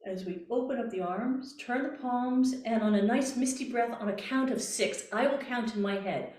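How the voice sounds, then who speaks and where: A woman voice coach with a Canadian accent, calmly guiding breathing exercises step by step and demonstrating the breaths. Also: a little high, moderate pace, distant mic. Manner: calm, gentle, step-by-step guidance with demonstrated breaths. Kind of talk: guided breathing workshop instruction. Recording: roomy echo, voice from off mic.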